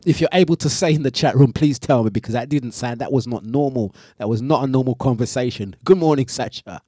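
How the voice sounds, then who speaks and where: Laughing radio DJ. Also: male voice, mid-range voice, fairly quick, dry recording, clean studio sound. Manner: animated storytelling, laughs often, slangy. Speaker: radio DJ and breakfast show host. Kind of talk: casual live radio chat.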